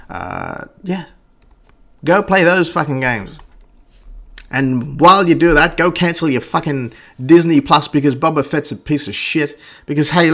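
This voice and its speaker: A man's voice: on the high side, a bit bright. A man ranting through a blunt, profane game review monologue, stammering and restarting his sentences. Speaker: gaming vlogger.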